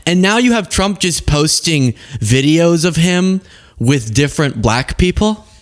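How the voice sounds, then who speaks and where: A young man hosting a casual political commentary show, sarcastic and quick to laugh at his own jokes. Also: fairly high pitch, expressive.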